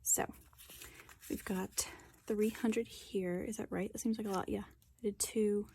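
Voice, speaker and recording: A woman's voice: medium pitch, fairly even intonation, unhurried, mellow, slight background noise. A young woman chatting casually on her budgeting vlog while sitting on the floor at home, self-deprecating and counting bills aloud. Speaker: budgeting vlogger.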